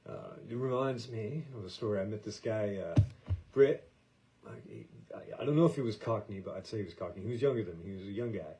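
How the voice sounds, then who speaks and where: A low-pitched American man with a dark, mellow voice. He rambles casually through a podcast monologue and stumbles over restarts and fillers as he goes. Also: fairly quick, a little hiss or hum, poor audio. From United States. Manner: meandering, hesitant, many fillers and restarts. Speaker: podcast host.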